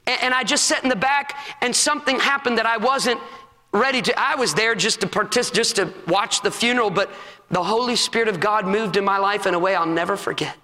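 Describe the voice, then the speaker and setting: Male pastor, bright high voice, passionate sermon, sanctuary reverb. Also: fairly quick. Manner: impassioned preaching, rising to shouts. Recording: long hall reverb.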